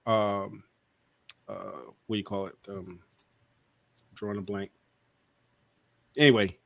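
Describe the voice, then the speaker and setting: A man's voice: fairly low pitch, no room sound. A man hosting a casual livestream chat, rambling with lots of fillers and trailing asides. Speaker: podcast host.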